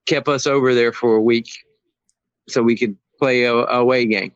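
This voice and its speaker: A man on a sports podcast panel, chatting casually, animated and swearing freely. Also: mid-range voice, normal speed, smooth, no echo, dull audio. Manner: profane and animated.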